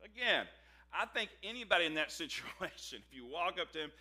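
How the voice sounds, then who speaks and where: A man's voice: a little high, a little fast, heavy background noise. A man pastor preaching a sermon, telling the scripture story with humor and acting out its dialogue. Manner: animated, joking storyteller who acts out the scripture dialogue.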